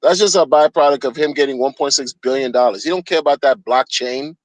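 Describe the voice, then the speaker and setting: A man's voice: mid-range voice, brisk, no echo, poor audio. A man streaming a heated solo rant, agitated and profane, often repeating himself.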